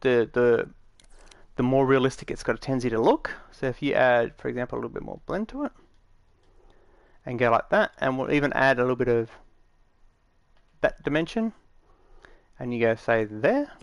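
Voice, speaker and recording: A man of middle pitch talks through a tutorial in a loose, rambling way, full of fillers and restarts. His tone stays matter-of-fact. The sound is dry and close, with no room around it. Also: big pitch swings, normal speed, long pauses, clean tone, no echo. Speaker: game tutorial maker. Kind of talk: casual screen-recorded tutorial.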